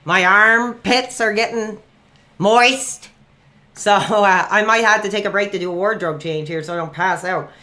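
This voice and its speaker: High, bright-voiced male streamer. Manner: chatty, excitable, quick to flare up. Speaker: livestream host taking calls. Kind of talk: casual call-in chat.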